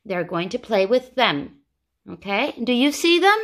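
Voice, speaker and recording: Her voice is a little high as she runs a phonics lesson for young children. She repeats each word slowly and keeps asking lively questions.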